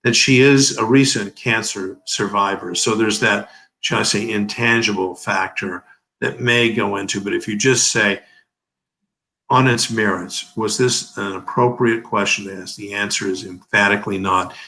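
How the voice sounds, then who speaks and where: A man's voice: on the low side, steady tone, normal speed, sharp tone, low-quality recording. A man in his seventies giving emphatic, oratorical legal commentary as an interview guest, leaning on rhetorical questions. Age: 70s.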